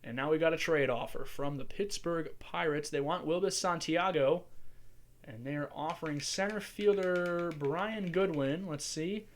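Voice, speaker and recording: Casting: man, slightly high voice, casual chatty gameplay commentator thinking out loud. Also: measured pace. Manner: chatty, musing aloud while playing. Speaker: gaming channel host.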